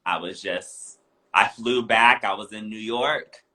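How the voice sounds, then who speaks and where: A man's voice: lowish voice, takes it slowly. A man from California, a professional dancer, chatting playfully as a guest on a video call. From California, USA. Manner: playful, animated. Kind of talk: casual chat.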